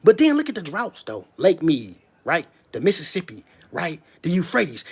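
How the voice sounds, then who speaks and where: This is a commentator holding forth to an online audience in a casual, unscripted monologue. The pitch swings widely, rising sharply on repeated challenges to the listener and sinking low when reading passages aloud at a slow, deliberate pace. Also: huge pitch swings, a little mellow, breathy edge. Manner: emphatic, keeps firing rhetorical questions at listeners; reads passages aloud slowly, then comments.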